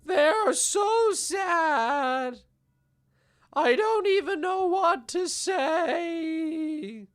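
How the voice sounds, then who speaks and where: A sobbing high-voiced older self-help guru. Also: male voice, animated, fairly bright tone, exaggerated voice. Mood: weepy. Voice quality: tearful quavering sob in the voice. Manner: slow, drawn-out wailing delivery. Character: weepy older male self-help author, whimpering and self-pitying.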